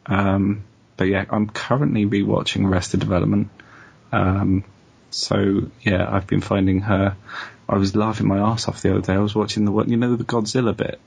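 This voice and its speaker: A man with a lowish voice and a gravelly, husky texture. He chats casually on a podcast and fills his recaps with relaxed ums. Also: normal speed. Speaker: podcast co-host. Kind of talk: casual chat.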